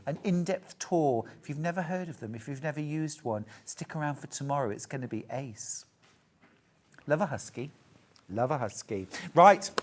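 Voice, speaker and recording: A middle-aged woman presenting crafts on a shopping channel, chatty, jokey and upbeat as she demonstrates products live. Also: low voice.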